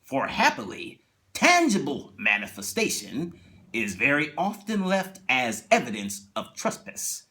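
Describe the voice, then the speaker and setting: A man doing an impression of a solemn male TV anthology narrator, speaking slowly and dramatically. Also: medium pitch, wildly swooping pitch, pushed and bright, heavily acted. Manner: slow, measured, dramatic delivery.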